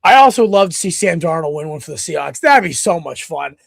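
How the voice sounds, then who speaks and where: Male podcast co-host, high gravelly voice, dry close mic, excitable rambling sports chatter. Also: fairly quick, no room sound. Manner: rambling, excitable, with many restarts. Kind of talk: casual sports chat.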